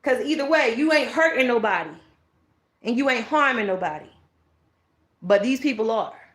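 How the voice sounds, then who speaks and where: A woman's voice: on the high side, expressive, moderate pace, reverberant. A woman giving a blunt, ranting tarot reading in a casual monologue. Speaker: tarot reader.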